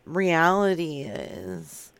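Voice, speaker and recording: A man's voice: on the high side, extremely slow, vocal fry, a bit bright, smooth, no room sound, heavily acted. A man playing a tipsy, flirty woman caller on a prank phone call, drawling lewd come-ons.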